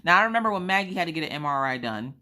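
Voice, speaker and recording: A woman's voice: on the low side, lively intonation, very fast, pushed and bright. A woman from South Carolina, a craft vlogger, telling an anecdote in a chatty, blunt way. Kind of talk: casual storytelling chat.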